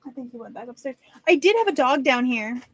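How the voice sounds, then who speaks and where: High-voiced woman, chatty stream host. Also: lively intonation, fast talker. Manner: chatty, laughs often, apologetic. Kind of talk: casual chat during writing sprints.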